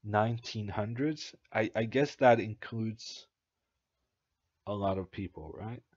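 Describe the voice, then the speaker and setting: Norwegian guy streaming chess commentary, lowish voice, kinda muffled dry mic, lots of uhs. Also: slow, slightly rough, dry recording. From Norway. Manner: hesitant, thinking aloud with many fillers. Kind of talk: casual live stream commentary.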